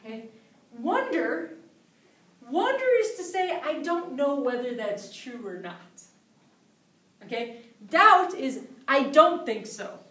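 A woman's voice: high voice, big pitch swings, slow pace, long pauses, fairly bright tone. A woman teaching English vocabulary, patiently repeating example phrases in a class setting. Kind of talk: explaining vocabulary. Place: English conversation class room. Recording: roomy sound from a distant mic.

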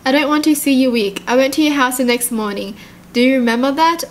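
A woman reading out a devoted young boyfriend's text messages in a tender, pleading way, close to her own high voice. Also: fast talker, a little hiss or hum, lightly acted.

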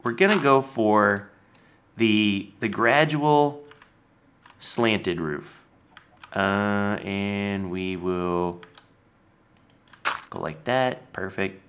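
A man casually commenting on his building as he plays a game, chatty and lively. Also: lowish voice, extremely slow, long pauses, slight background noise. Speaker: Minecraft let's player.

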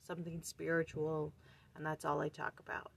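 Earnest woman with a creaky voice. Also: sits low, monotone, normal speed. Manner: thinks aloud, searching for words with sighs and restarts; earnest, urging questions to the listener. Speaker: host of a daily scripture study channel. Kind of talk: casual scripture study and reflection.

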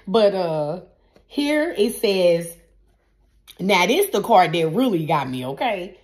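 A woman's voice: lowish voice, big pitch swings, slow. A woman tarot reader giving a spiritual pep talk to her viewers in a casual, emphatic, repetitive style with a preacher-like cadence. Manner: casual, addresses viewers as y'all.

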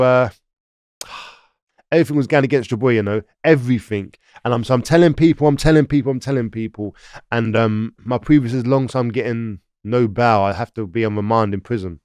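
London man as podcast guest, animated street-slang storyteller, dry close sound. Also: medium pitch, dry recording. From London, England. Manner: animated, slangy, acts out quoted voices. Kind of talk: casual storytelling.

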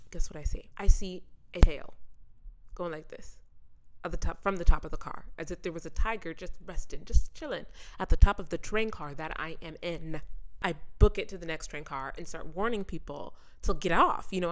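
A young adult woman hosting a podcast, telling a story in an animated, chatty way and talking straight to her listeners. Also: lowish voice. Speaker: podcast host. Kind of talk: casual storytelling monologue.

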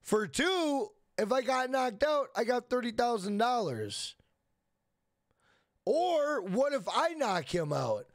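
High-voiced young male streamer, dry mic. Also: very animated, takes it slowly, no room sound. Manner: loose, profane, repeats himself, reads chat aloud. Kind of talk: casual live stream chat.

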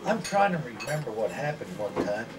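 An older man with a medium-pitched, widely swinging voice tells folksy, rambling anecdotes at a moderate pace over a meal at a home dining table, acting out the voices of the people in his stories. It's casual lunch-table storytelling, caught on a distant mic at a noisy table. Cutlery and dishes clink, and other people are around.

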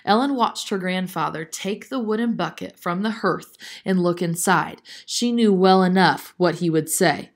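A woman narrating a children's chapter book aloud in a steady, clear manner. Her voice sits somewhat low for a woman. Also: normal speed, few pauses. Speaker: storyteller. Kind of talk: storybook read-aloud narration.

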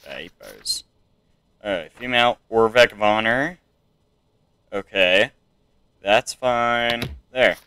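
A man's voice: medium pitch, steady tone, slow pace, pauses often, bright, forceful tone, clear, resonant tone, low-quality recording. A young man giving casual let's-play commentary, mumbly and hesitant with many ums, sometimes yelping up into panicked no-no-nos. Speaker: gameplay streamer. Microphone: desk mic with webcam.

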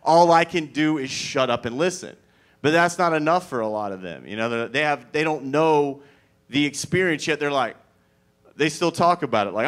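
A man performs a stand-up comedy set, rambling conversationally with lots of filler, wry and profane. His voice is on the high side, expressive and a bit bright, at normal speed.

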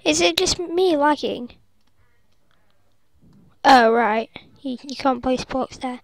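A woman's voice: high voice, slow, pauses often, no room sound. A woman giving rambling, giggly commentary over a video game, breaking into silly singing and squeals. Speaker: gaming video host.

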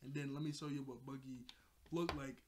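A man's voice: medium pitch, fairly even intonation, fairly quick, noisy background. A man casually recapping an anime episode, rambling, laughing often and correcting himself mid-sentence. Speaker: anime reviewer.

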